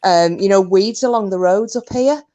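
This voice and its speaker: A woman's voice: medium pitch, normal speed, dark tone. A woman joining a live stream chat, telling an everyday story in a chatty, exasperated way. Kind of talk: casual storytelling.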